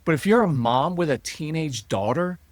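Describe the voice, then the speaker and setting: A middle-aged man, a parenting coach as a podcast guest, telling stories lively and acting out quotes from parents and kids. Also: a little high, moderate pace, dry recording. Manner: animated storyteller acting out parent and child quotes. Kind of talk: conversational interview.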